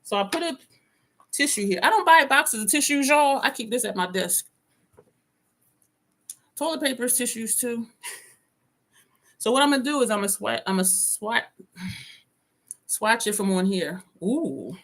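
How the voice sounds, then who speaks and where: A woman's voice: a little high, animated, moderate pace, pauses often, fairly bright tone. Chatty woman unboxing on a live stream. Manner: chatty, talks to viewers by name, reads chat aloud. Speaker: beauty vlogger hosting a live stream. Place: home desk.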